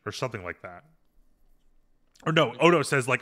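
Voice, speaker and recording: Man, casual podcast recap, rambling, bright voice. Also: on the low side, animated, brisk, long pauses. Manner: rambling, retells scenes with filler hums. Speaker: podcast host. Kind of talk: casual episode recap chat.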